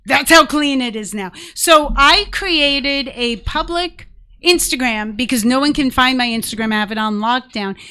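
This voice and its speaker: A woman's voice: high voice, normal speed, pushed and bright, clean tone. A woman comedian guesting on a casual talk stream, dropping dry wisecracking asides. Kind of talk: casual chat.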